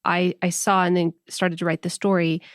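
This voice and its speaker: A woman's voice: on the low side, little pitch movement, moderate pace, no room sound. Thoughtful woman hosting a podcast, dry sound. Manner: thoughtful, conversational, faith-centered reflection. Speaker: podcast host. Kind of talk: casual podcast conversation.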